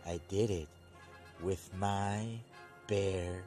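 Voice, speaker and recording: A man's voice: deep voice, steady tone, drawn-out words, warm tone, faint music behind. A man voicing a smug, sinister male villain, gloating and taunting. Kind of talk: casual episode recap with voiced quotes.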